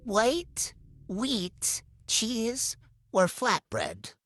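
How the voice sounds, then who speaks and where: Brief: woman as a counter worker, lively swooping pitch, slow delivery. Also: exaggerated voice. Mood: puzzled. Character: female sandwich shop worker at the counter.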